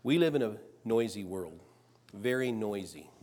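A man preaching a sermon, reading scripture aloud and rising louder on the quoted lines. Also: lowish voice, lively intonation, a little slow.

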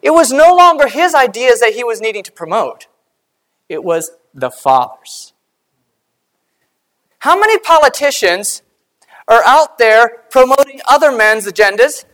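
An earnest woman delivers a sermon at a measured pace. Her pitch moves with lively rises and falls, and she sinks into quiet, lower tones to stress key points. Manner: earnest, measured, slowing and dropping quiet for emphasis. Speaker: preacher.

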